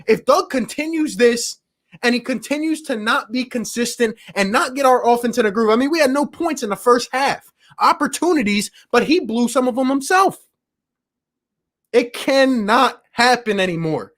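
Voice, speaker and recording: A man with a strikingly high-pitched voice hosts a live sports show after the game. He rants with exasperated passion, leans on casual slang like bro and my guy, and sighs over every bad call. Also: animated, normal speed, a bit bright. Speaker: sports talk show host.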